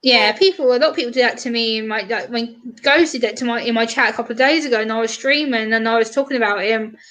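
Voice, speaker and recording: Woman, casual live-stream chat, animated storytelling, slightly high voice. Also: quick pace. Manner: chatty, animated retelling with lots of quoted voices. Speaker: streamer guest.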